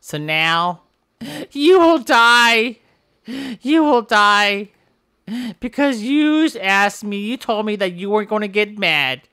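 A woman voicing Bob, a brash, boastful and violent male game character, taunting in slang and shouting when fighting. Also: mid-range voice, expressive, moderate pace, few pauses, clear, resonant tone, dry recording, studio quality, natural voice. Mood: mocking. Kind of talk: game machinima voice acting.

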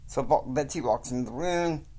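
A man casually retelling a family story, slow and rambling with fillers. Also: mid-range voice, mellow.

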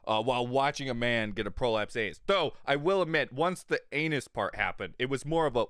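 Man, livestream chatter, crude, rambling, laughs a lot, lively pitch, dry close sound. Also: brisk, dry recording. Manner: talks to chat viewers. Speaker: streamer. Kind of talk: casual livestream chat.

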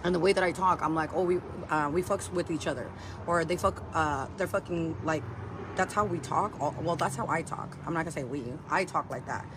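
This woman's voice sits low and moves fairly quickly. Livestreaming over the sound of vehicles, she wanders through a tale full of fillers and profanity.

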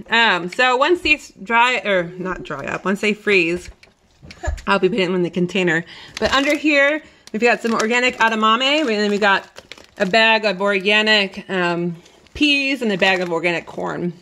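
A woman's voice: medium pitch, expressive, moderate pace, pushed and bright, a little hiss or hum. A woman in her thirties chatting casually to viewers as she walks through her home kitchen, laughing often. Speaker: vlogger giving a kitchen pantry tour. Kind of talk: casual home vlog chat.

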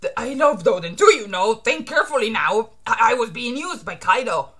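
A woman reads out a cowardly male shogun villain, sly and wheedling when safe and shrill when cornered. The voice stays bright and clear. It sounds like a fan reading comic lines aloud, not a polished stage performance. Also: lively intonation, moderate pace. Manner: pleading then screaming in panic.

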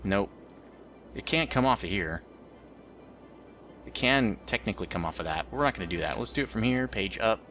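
A man's voice: lowish voice, expressive, moderate pace, long pauses, fairly bright tone, faint music behind. A man rambling through let's play commentary as the host of a gaming channel, joking about his own mistakes.

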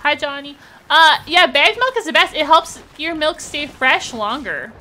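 Woman, young, upbeat streamer with a bright, lively voice and a faint hiss behind. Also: high-pitched, unhurried. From Canada. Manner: bubbly, encouraging, laughs often. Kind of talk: casual gaming chat.

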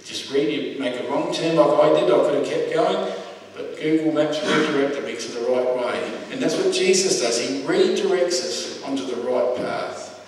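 A man preaching a sermon in a relaxed, conversational way, repeating his phrases and pausing on fillers. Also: on the high side, slight background noise. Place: church hall. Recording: echoey hall, voice from a distance.

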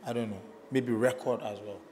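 A man with a Ghanaian accent, a musician answering interview questions in a relaxed way. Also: on the low side, normal speed, in a large hall. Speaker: musician guest.

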